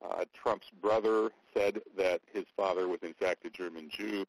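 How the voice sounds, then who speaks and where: A man giving spoken political commentary, halting often with fillers and restarts. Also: deep voice, steady tone, rough recording.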